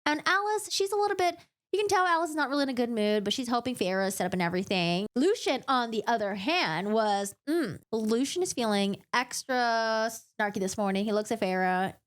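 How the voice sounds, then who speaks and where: A woman's voice: a little high, a little fast. Chatty young woman recapping a book. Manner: chatty, animated, jokey. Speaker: book vlogger.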